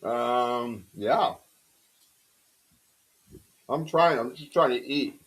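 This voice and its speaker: A man hosting a casual podcast livestream from his home studio, talking in an excitable, rambling way and giving shout-outs to the chat. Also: mid-range voice, extremely slow. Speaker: podcast host.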